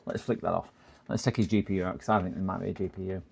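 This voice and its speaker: A man's voice: low-pitched, steady tone, rapid-fire, creaky, a little mellow, a little hiss or hum. A man casually talking through a computer repair on a live stream, muttering to himself and chatting with viewers. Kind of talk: casual running commentary while working.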